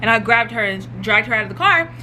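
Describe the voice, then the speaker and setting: A young adult woman vlogger telling a storytime in an animated, slangy way, full of fillers. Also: on the high side, fairly quick, faint music behind. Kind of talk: storytime vlog.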